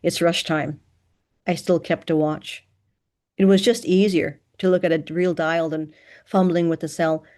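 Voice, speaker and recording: A woman narrating a first-person novel in an even, measured reading voice. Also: lowish voice. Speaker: audiobook narrator.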